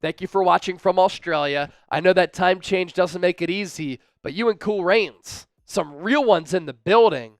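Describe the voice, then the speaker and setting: Energetic high-voiced male sports streamer. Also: normal speed, hardly any pauses, no room sound. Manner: energetic, hype-driven, reads super chats aloud. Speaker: sports livestream host. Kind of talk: live fan-show commentary and chat shout-outs.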